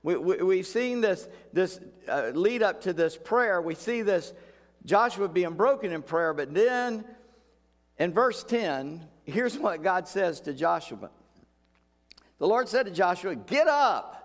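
A man's voice: sits high, lively intonation, takes it slowly, long reverb tail. A male pastor preaching a sermon in a folksy, conversational way, repeating key phrases for emphasis.

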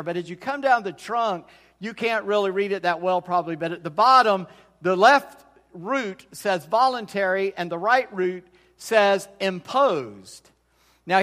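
A man's voice: high voice, fairly bright tone. A middle-aged man preaching a sermon as pastor, folksy and conversational, often restarting his sentences. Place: church sanctuary. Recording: long church hall reverb.

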